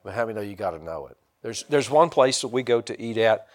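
A middle-aged pastor preaches fast in a folksy, rambling sermon. He restarts many times, and his voice jumps without warning into high, loud bursts of excitement.

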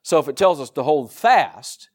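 Folksy Southern preacher with a lively voice. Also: male voice, on the high side, normal speed. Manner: folksy, animated preaching with laughs and asides. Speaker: pastor. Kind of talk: sermon.

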